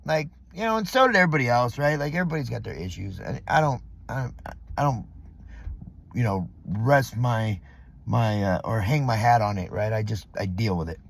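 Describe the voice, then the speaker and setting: Animated and fairly quick, a middle-aged man's creaky, mid-range voice carries a profane, rambling vlog rant full of fillers. He's from Southern California and is recording in a parking lot.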